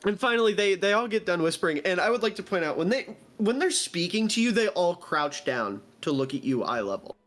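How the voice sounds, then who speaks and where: A man's voice: sits high, big pitch swings, fairly quick, few pauses, a bit bright. A young man narrating a tabletop game as game master, playful and lightly voicing the characters. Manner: playful storytelling, voices orc characters lightly.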